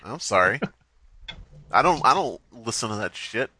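Bright, lively man cracking jokes. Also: on the low side, normal speed, slightly rough. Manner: joking, teasing. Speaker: podcast co-host. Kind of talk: comedic banter.

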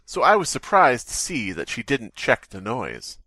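A man in a comedic reading who reads with animated, theatrical flair. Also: mid-range voice, normal speed, husky, no echo.

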